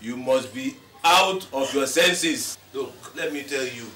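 A man's voice: medium pitch, slow, sharp tone, echoey room, distant mic, slight background noise. A man with a Nigerian accent playing a frustrated, mocking boyfriend who blames his partner for his bad luck. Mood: scornful. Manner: scornful, mocking, pleading sarcastically. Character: bitter, frustrated man blaming his girlfriend. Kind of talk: Nollywood film acting.

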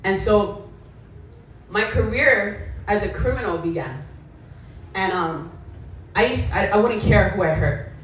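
A woman's voice: mid-range voice, expressive, a little slow, pauses often, a little hiss or hum. A young adult woman with a Hawaiian accent telling her life story bluntly to a school assembly. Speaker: motivational speaker. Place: school gym or hall. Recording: echoey hall, voice from far off.

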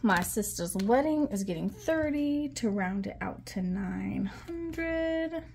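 Woman vlogger counting bills out loud, chatty, lots of ums, bit of faint noise in back. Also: mid-range voice, animated, normal speed. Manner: chatty, counts money aloud, frequent ums. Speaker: budgeting vlogger. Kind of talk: casual chat while counting cash.

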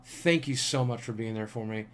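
A tired man talks through his fan mail in a casual, thankful way, and he sounds like he is coming down with a cold. His voice sits at an ordinary middle pitch, and he fills his pauses with an easy "uh" and "um". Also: slight background noise. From United States. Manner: warm, thankful, chatty with filler pauses. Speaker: YouTuber reading fan mail. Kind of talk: casual vlog chat.

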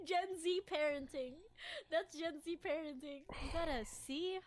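A woman reacting to videos, giggling and talking in a high voice. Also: very animated, takes it slowly, fairly bright tone, exaggerated voice.

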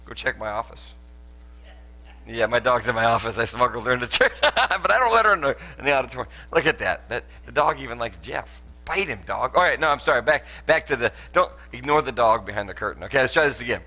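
A man's voice: mid-range voice, sing-song, fast talker, pushed and bright, poor audio. A man, a pastor giving a playful sermon with a live demonstration, joking and laughing often with lots of restarts, in a church auditorium.

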